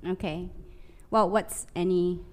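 A woman with a Singaporean English accent, relaxed and laughing easily as a guest in a casual chat. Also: fairly low pitch, slow.

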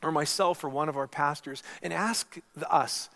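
A man's voice: fairly high pitch, normal speed, creaky, fairly bright tone. A man preaching a sermon as pastor, telling a story and making earnest appeals to his congregation.

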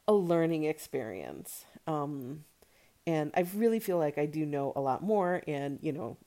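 Low-voiced chatty American woman. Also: vocal fry, warm tone. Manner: chatty, rambling, lots of fillers. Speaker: podcast host. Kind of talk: casual solo chat.

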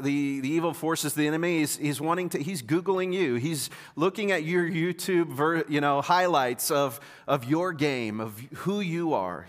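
A man's voice: medium pitch, a bit bright. A man preaching a sermon in a conversational way, often repeating words and asking the congregation questions. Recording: long hall reverb.

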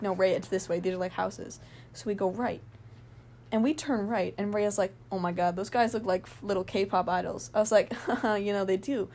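A young woman with a medium-pitched voice tells a rambling, excited story for a casual vlog. She fills it with fillers and laughter.

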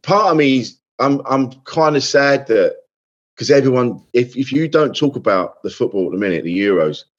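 This is a man in his forties, a comedian trading stories on a podcast. He talks in a chatty, self-deprecating way at a mid-range pitch. His recording sounds a little dull and lo-fi. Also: animated, normal speed. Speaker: comedian guest. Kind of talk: casual podcast chat.

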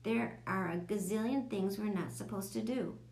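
A woman narrating a children's audiobook in a lively, expressive way. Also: mid-range voice, normal speed.

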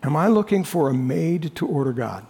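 A male pastor with a high-pitched voice delivers an earnest sermon. He moves between bold, raised emphasis and quiet, reflective passages. A long reverb from the church hall trails each phrase. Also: animated, normal speed, gravelly, slightly rough. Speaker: lead pastor.

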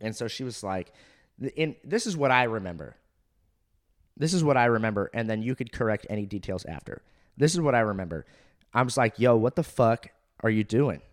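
A man's voice: lowish voice, lively intonation, a little fast. A young man casually telling a bar story to a friend, laid-back and profane. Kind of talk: casual chat.

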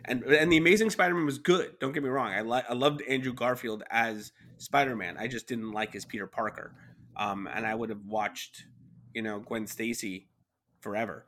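Chatting casually about movies, a man co-hosts a podcast and rambles, full of fillers and restarts. His mid-range voice is a bit bright and moves at a normal speed.

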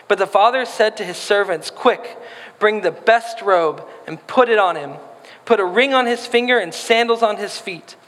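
Man, preacher, sermon, playful, high voice, long hall reverb. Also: fairly bright tone. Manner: playful, acts out voices in quotes.

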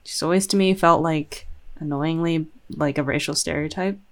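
A woman's voice: deep voice, steady tone, moderate pace. A woman co-hosting a podcast, speaking thoughtfully and hesitantly with many ums. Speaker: podcast co-host. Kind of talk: casual chat.

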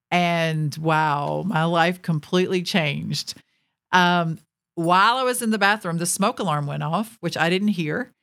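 A woman in her forties, a ministry speaker, telling a personal testimony as an animated storyteller who laughs between lines and talks straight to her audience. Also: lowish voice.

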